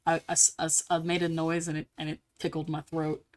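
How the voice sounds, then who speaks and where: A young woman streaming live while drawing, chatting casually and getting bubbly and squealy when excited. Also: sits low, quick pace.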